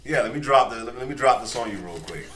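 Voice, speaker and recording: A man leading a Bible study, explaining scripture in a relaxed, slangy way and laughing often. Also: mid-range voice, racing. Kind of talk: casual Bible study commentary. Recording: echoey room, far from mic, faint noise.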